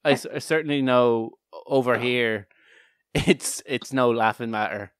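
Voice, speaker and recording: A man's voice: medium pitch, unhurried, smooth, dry recording. Man, podcast co-host, rambling casual chat, dry close mic. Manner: rambling, laughs often, frequent restarts.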